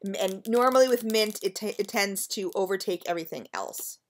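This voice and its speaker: A woman talks through a casual product review vlog at an easy, middling pitch. She sounds chatty and effusive, speaks right to her viewers, and fills her pauses with ums as she sniffs and judges each scent. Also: noisy background. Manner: chatty and gushing, addresses viewers as you guys, frequent ums. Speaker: wax melt reviewer.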